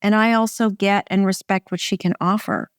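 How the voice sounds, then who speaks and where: A middle-aged American woman, a film director, chatting in an interview in a wry, relaxed way with short phrases and restarts. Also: medium pitch, normal speed, clean tone, no room sound, studio quality. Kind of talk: casual interview conversation.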